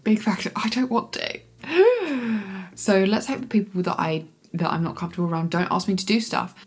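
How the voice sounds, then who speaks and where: A woman chatting casually in a reading vlog, expressive and swearing freely as she reacts to her book. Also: medium pitch, normal speed, breathy edge, faint music behind. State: teary from crying. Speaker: booktuber.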